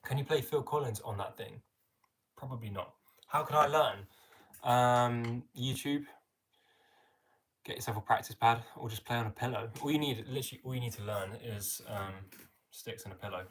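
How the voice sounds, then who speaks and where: With slight background noise behind him, a medium-pitched young man with an English accent hosts a live stream and casually answers the chat. He reads viewer comments out loud, stays chatty, and uses "mate" as a friendly filler.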